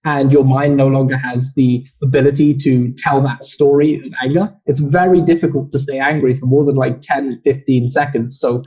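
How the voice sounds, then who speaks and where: A man being interviewed as a trading guest, explaining his views calmly. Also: mid-range voice, normal speed, few pauses. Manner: calm, explanatory. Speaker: trader guest. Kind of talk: interview answers. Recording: dull lo-fi audio.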